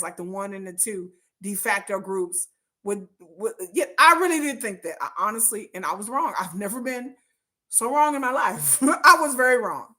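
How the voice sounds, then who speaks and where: A woman, chatting casually with viewers on her livestream, laughing often and jumping high in pitch when excited. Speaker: livestream host.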